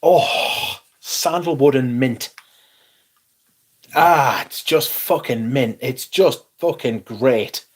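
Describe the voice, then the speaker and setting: Husky-voiced Northumbrian man. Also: medium pitch, takes it slowly. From northeast England. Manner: profane, blunt, reading chat aloud. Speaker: livestream host. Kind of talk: casual livestream chat.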